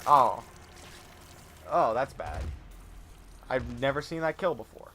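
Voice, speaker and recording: A man's voice: mid-range voice, very animated, slow, bright, forceful tone, slight background noise. A man co-hosting a gaming show, casually telling a long story and often laughing mid-sentence. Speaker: co-host playing a video game.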